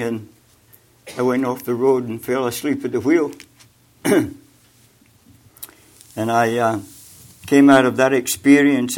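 An older man giving a sermon with personal testimony, halting, with many fillers and repeated words, and growing louder and more emphatic when he exhorts. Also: medium pitch. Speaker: preacher.

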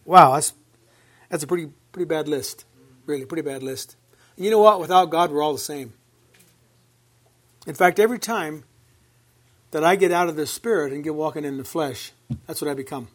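A man preaching a sermon with a high-pitched voice. He repeats words for emphasis, reads scripture aloud and asks the congregation questions. He sometimes drifts away from the mic. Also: expressive, moderate pace, pauses often. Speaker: pastor.

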